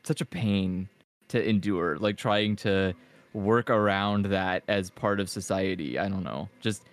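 A man co-hosting a podcast in casual chat, laughing often and talking in an animated, loose way. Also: low voice, measured pace. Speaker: podcast co-host.

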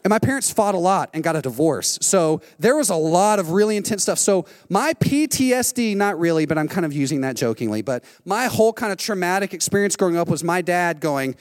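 A middle-aged man preaching a sermon, telling a lively story and acting out what people said. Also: high voice, a little fast, hardly any pauses. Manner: animated storytelling, acting out quotes. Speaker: pastor. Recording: long hall reverb.

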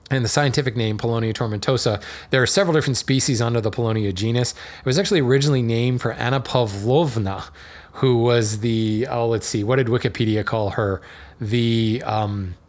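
A man hosting a podcast, talking casually and digressively with fillers and small laughs. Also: medium pitch. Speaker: podcast host. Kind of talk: casual educational monologue.

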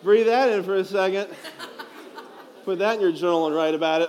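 A man's voice: high voice, fairly quick, long pauses, a little mellow. A young man, a priest, giving a playful, emphatic homily at a youth conference, asking the crowd questions, speaking into a headset mic.

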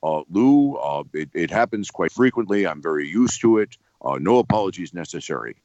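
A man doing an impression of a calm, deep-voiced male rock star who speaks in a low, matter-of-fact way. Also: a little fast, no room sound, muffled recording. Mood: unbothered.

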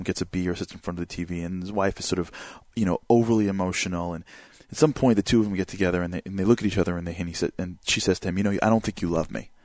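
A low-pitched man gives an animated motivational talk, acting out examples and repeatedly asking rhetorical questions. His speech is packed with fillers like "like" and "you know," captured in a dry, clean studio recording.

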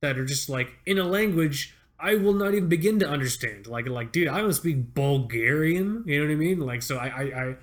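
A man's voice: on the high side, brisk, hardly any pauses. A young man co-hosting a podcast in casual chat, rambling, swearing and repeating words, often laughing. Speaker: podcast co-host.

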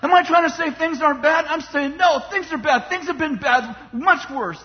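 Male pastor, very high voice, fiery sermon, reverberant hall. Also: normal speed. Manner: impassioned preaching, mocking voices for complainers. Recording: dull sound in a long-reverb hall.

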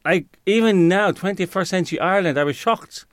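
Smooth-voiced man groping for words. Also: high voice, fairly quick, no room sound, studio quality. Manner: searches for words, frequent fillers and restarts. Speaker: interview guest. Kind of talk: conversational interview answer.

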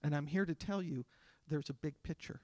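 A man in his fifties preaching in a conversational way, with a fairly high voice. He drops into softer voices to act out small scenes. The sound is dry and close, with little room. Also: moderate pace, no echo. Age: 50s. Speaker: pastor. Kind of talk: sermon. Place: church.

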